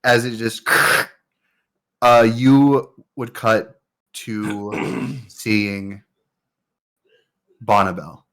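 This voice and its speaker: A man's voice: fairly low pitch, steady tone, extremely slow, pauses often. A man narrating a tabletop game as game master in a loose, rambling way. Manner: loose, rambling, filler-heavy.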